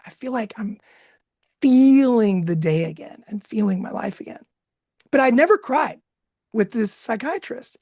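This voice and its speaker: A man in his thirties telling a candid personal story, emotional and expressive, laughing now and then. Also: very high voice, no room sound, clean studio sound. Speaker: guest speaker.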